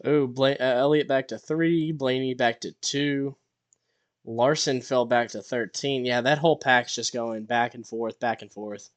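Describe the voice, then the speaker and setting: Man, sports podcast co-host, middle pitch, casual chat, quick stat updates. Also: steady tone. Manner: quick running commentary on race positions and game stats.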